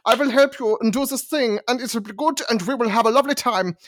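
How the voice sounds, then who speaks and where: A man's voice: very high voice, fast talker, fairly bright tone, voice pushed up. A man voicing a goofy, cheerful undead knight with an exaggerated comic German accent and sing-song politeness.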